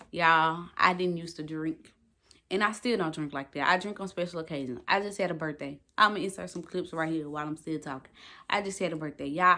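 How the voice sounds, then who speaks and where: A woman's voice: deep voice, bright, forceful tone. A young woman vlogging to her phone, talking emphatically and swearing freely. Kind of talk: casual talk to camera.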